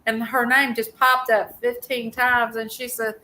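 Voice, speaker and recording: A woman's voice: a little high, little pitch movement, unhurried, bright, forceful tone, rough recording. A woman in casual live-stream chat, a giggly storyteller who is easily tickled.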